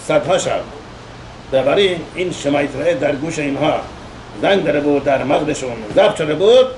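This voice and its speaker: A man, a rabbi, delivering a eulogy sermon in rapid, emphatic bursts with frequent hesitations. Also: on the high side, a little hiss or hum, poor audio.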